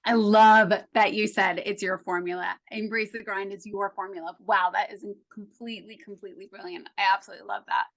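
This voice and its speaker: A woman's voice: fairly even intonation, fairly bright tone. A woman success coach speaking enthusiastically in a podcast interview, acting out little inner voices as she explains. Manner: enthusiastic, acts out inner voices with quick pitch jumps.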